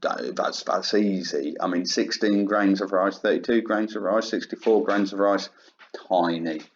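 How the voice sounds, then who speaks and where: Man doing a casual storybook king, offhand, low and unhurried, muffled sound. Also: slight background noise, natural voice. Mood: breezy. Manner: offhand and breezy. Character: pleased, careless male king of old. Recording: dull lo-fi sound.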